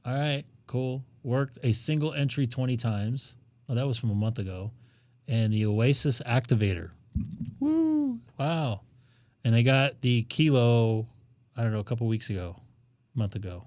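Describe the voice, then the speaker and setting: A man's voice: medium pitch, moderate pace, a little mellow, no echo. A man hosting a ham radio live stream, chatting casually and joking while he thinks aloud.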